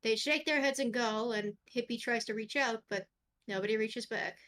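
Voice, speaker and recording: A woman's voice: on the high side, moderate pace, fairly bright tone. A woman narrating a tabletop game as game master, in a casual, offhand way with the odd swear.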